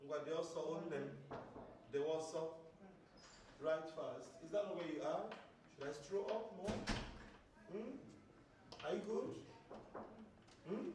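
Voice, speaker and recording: Guy teaching a class, high voice, keeps quizzing and repeating, super echoey room, mic far away. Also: slow pace, pauses often, background noise. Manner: repeats words for pupils to echo, quizzing. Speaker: language teacher. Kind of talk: classroom vocabulary drill.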